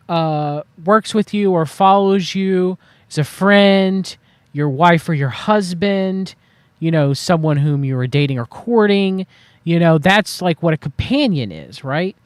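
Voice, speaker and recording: High-voiced man rambling to his chat. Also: slow, clean tone, dry recording. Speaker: livestream host. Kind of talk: casual commentary to chat.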